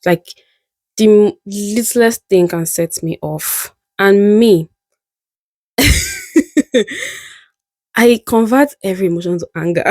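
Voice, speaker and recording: A woman's voice: medium pitch, unhurried, a little mellow, no room sound. A young woman vlogging in a candid, musing way, often laughing at herself as she reflects. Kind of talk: reflective casual monologue.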